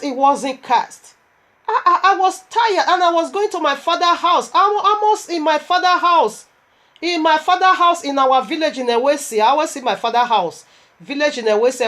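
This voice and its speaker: A woman's voice: sits high, expressive, normal speed, fairly bright tone. A woman preacher delivering a sermon while unwell and tired, telling her story animatedly and emotionally, with laughs.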